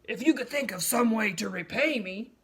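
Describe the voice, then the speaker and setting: A blunt, grumpy male rhino snaps out short lines, played by a woman. His storybook voice sounds gruff and unbothered. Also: fairly high pitch, animated, moderate pace, heavily acted. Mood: dismissive.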